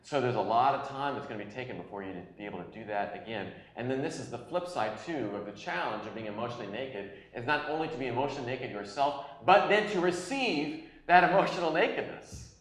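A man in his forties preaching a sermon as a pastor, telling personal stories earnestly, at times loud and at times hushed. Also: medium pitch, expressive, fast, hardly any pauses. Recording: echoey room.

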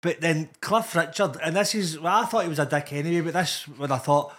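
A Scottish man with a voice pitched a little high leads crude, joking banter on a podcast. He talks like a comedian, loose and casual. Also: fairly quick, few pauses, fairly bright tone. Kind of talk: casual chat.

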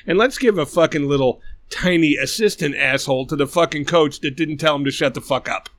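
A man co-hosting a podcast, ranting with anger and a steady stream of swearing. His voice is bright and forceful and sits a little high. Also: fairly quick, few pauses. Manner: angry, profane ranting. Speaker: podcast co-host. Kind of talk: casual chat, ranting.

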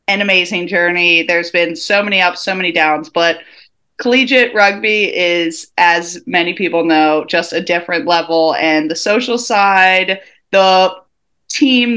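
Laughing woman rugby guest. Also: medium pitch. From United States. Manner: lively, laughs often, acts out quotes. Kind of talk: casual interview chat.

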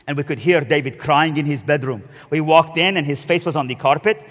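A man's voice: on the high side, fast, hardly any pauses, fairly bright tone, big-room sound. A man preaching a sermon, telling his story with animation and acting out the voices of the people in it.

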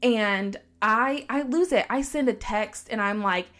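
A woman telling a story on a casual podcast, animated and quoting others in her own voice. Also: a little high, measured pace. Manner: animated, heavy use of "like", quotes people in her own voice.

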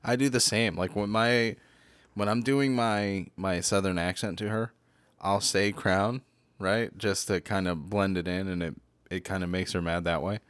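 Deep-voiced man in casual crude banter. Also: fairly even intonation, moderate pace, a bit bright, no echo. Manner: crude, joking, laughs often. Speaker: podcast co-host.

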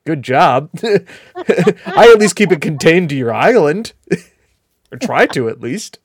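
A man's voice: fairly high pitch, very animated, slow pace, slightly rough, no echo, studio quality. A man with a New England accent hosting a podcast in casual, rambling chat, laughing at himself. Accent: New England American. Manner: rambling, laughing, self-deprecating.

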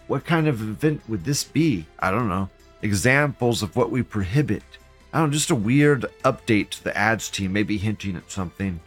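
A man hosting a live stream reads viewer posts aloud and reacts with profane, scornful rants. He swings between loud outbursts and low mutters.

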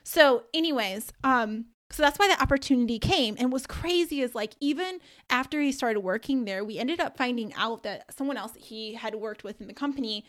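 A young adult woman hosting a faith-based podcast, telling a personal story in a casual, animated way with many fillers, then preaching with growing energy. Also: fairly high pitch, a little fast, few pauses. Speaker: podcast host and career coach.

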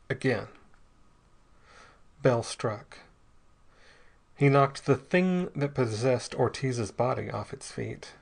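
A man with a middle-pitched voice reads a story aloud as narrator. His delivery is steady and dramatic, with scripted pacing.

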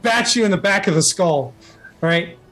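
High-voiced man narrating as game master. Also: animated, moderate pace, a bit bright, soft background music. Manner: rambling, with many fillers and restarts.

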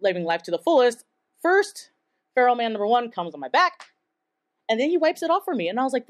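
Very animated and fast, with a fairly high pitch, a young woman from Taiwan spins a story on stage at a live event in front of a crowd. She keeps it chatty and loose, saying "like" constantly and laughing a lot.

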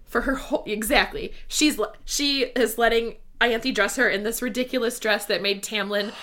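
A woman chatting casually about a book as a co-host, gushing and animated, swearing freely and reading passages aloud. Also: on the high side, moderate pace. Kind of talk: casual book discussion chat.

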